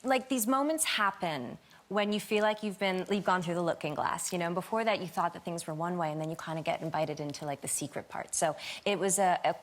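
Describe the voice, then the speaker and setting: A woman in her forties, a chat show guest, telling a rambling, animated story. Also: lowish voice, a little fast. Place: TV studio with audience.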